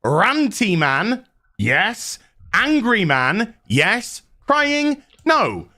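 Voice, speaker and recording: Bright, lively man doing sarcastic commentary. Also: high voice, drawn-out words. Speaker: YouTuber in a played clip. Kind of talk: commentary video.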